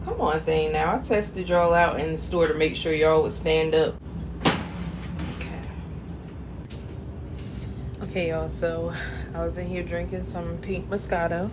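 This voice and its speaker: In a noisy home recording, a young mom vlogger talks casually from her kitchen in a fairly low, even voice, a bit slow and broken by long pauses. Her chat is full of laughter, and she becomes emotional and teary along the way.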